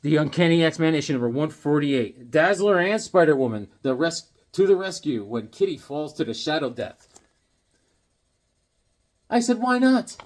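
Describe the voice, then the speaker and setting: A man's voice: fairly high pitch, animated, normal speed. Rambling, jokey man in his fifties. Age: 50s. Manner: rambling, jokey, drops into silly voices. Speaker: comic collector and hobby artist. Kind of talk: casual chat to camera.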